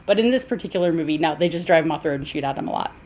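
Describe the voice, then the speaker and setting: A woman's voice: low-pitched, lively intonation, racing, a little mellow. Woman podcaster rambling about an old movie, laughs a lot, chatty. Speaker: podcast co-host. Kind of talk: casual film discussion.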